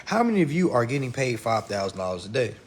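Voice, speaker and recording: A man giving a casual livestream lesson, blunt and profane, talking fast and addressing his viewers directly. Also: mid-range voice, very animated, breathy edge. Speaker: online instructor.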